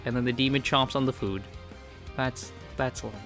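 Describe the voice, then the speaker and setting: Male reviewer, bright edge, loose chatty delivery full of fillers. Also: medium pitch, steady tone, brisk, soft background music. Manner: chatty and rambling, full of "like" and "you know". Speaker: manhwa reviewer. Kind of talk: casual chapter recap.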